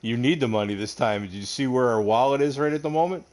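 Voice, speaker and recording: A man's voice: mid-range voice, fast talker, darkish tone. A man from upstate New York hosting a casual gaming livestream, joking with his friends and greeting viewers. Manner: joking, laughing, talks to viewers. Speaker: livestream host.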